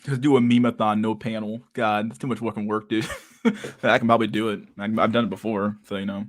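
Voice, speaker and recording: Laid-back low-voiced young man. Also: flat delivery, brisk. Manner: laid-back, crude, laughing often, mumbling to himself. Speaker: streamer reading chat. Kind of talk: casual livestream chat.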